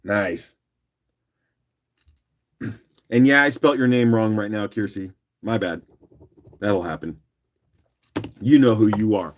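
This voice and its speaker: Man with a rough morning voice. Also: lowish voice, slow, long pauses. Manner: relaxed, chatty, clears throat often. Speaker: livestream auction host. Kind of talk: casual live auction chat.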